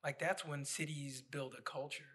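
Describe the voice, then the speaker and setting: A man hosting a casual podcast chat, profane and animated, hyping up his guests. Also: fairly high pitch, moderate pace, husky. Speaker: podcast host.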